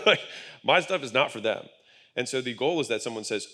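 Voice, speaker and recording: A man's voice: mid-range voice, lively intonation, moderate pace, pushed and bright. A man speaking on stage at a business event, explaining his ideas in a blunt, emphatic way, with casual swearing. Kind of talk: conversational panel talk. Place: event stage with live audience.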